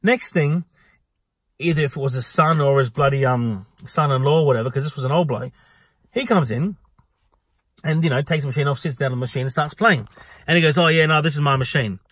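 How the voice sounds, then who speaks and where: A man's voice: mid-range voice, brisk, long pauses, slightly rough, dry recording. A man in casual storytelling, animatedly acting out a run-in at his work, with frequent swearing. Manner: animated, acts out exchanges with swearing. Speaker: venue staff worker telling a story.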